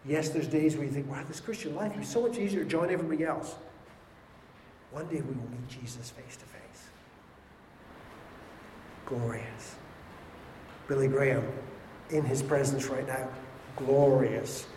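Impassioned preacher in an echoey hall. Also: male voice, mid-range voice, moderate pace, pauses often, a little hiss or hum. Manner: impassioned, swings from loud to hushed. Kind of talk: sermon. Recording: echoey hall with faint ambience.

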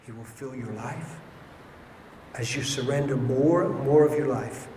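A man preaching a sermon with passion, swinging between loud and hushed delivery. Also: medium pitch, unhurried, slight background noise. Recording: echoey hall with faint ambience.

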